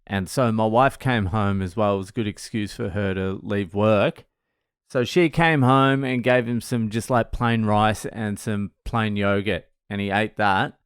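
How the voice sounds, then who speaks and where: A man's voice: on the low side, a little slow, clear, resonant tone, dry recording, studio quality. A man, hosting a show and telling funny stories in a casual, profane, joking way. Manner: profane, joking, laughs at his own stories. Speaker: podcast host answering questions. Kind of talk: casual storytelling monologue.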